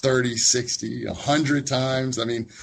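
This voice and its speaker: A man, a college professor, speaking as a guest in a casual interview in a thoughtful, gently amused way. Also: medium pitch, fairly even intonation, a little slow, gravelly.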